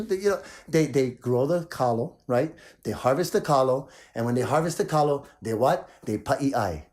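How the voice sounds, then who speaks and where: A man from Maui hosting his own show, talking in an excited, rambling way with lots of repeats. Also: mid-range voice, moderate pace, few pauses. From Maui, Hawaii. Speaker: show host. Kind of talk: casual video chat.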